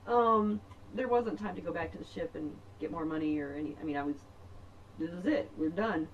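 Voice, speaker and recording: A middle-aged woman telling a personal story in a rambling, chatty way, laughing often and filling pauses. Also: lowish voice, highs cut off, slight background noise. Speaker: podcast host.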